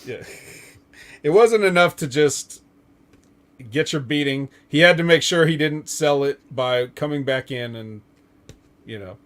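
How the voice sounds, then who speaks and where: A man's voice: a little high, unhurried, pauses often, fairly bright tone. A man hosting a casual podcast, recapping wrestling in a loose, joking way, swearing and laughing often. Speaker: podcast host.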